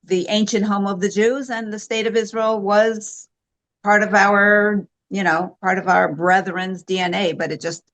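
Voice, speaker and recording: An older American woman, the host's mother, reflecting in a relaxed interview and laughing easily. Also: medium pitch, measured pace. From United States. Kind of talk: casual conversational interview.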